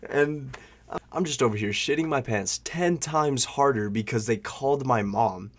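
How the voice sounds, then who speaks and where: A man's voice: mid-range voice, unhurried. A young man telling a story in a casual vlog, rambling and slangy, full of "like" and "bro", swearing freely.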